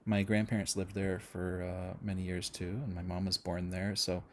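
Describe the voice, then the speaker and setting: A man's voice: sits low, little pitch movement, moderate pace, a little hiss or hum. A middle-aged Canadian man hosting a casual music-channel livestream, chatting with viewers and rambling through their comments with lots of fillers and restarts.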